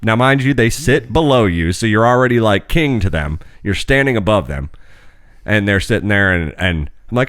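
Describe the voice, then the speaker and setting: A man co-hosting a casual family podcast, rambling through an animated, profane story and jumping his voice up for quoted lines. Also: fairly low pitch, normal speed, no room sound, studio quality. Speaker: podcast co-host and restaurant server.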